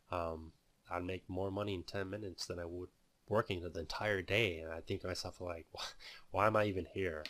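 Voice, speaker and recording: A man's voice: deep voice, fairly bright tone, no room sound. A man telling his own story and teaching day trading in a loose, rambling way, full of "you know" fillers. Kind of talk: casual spoken testimony.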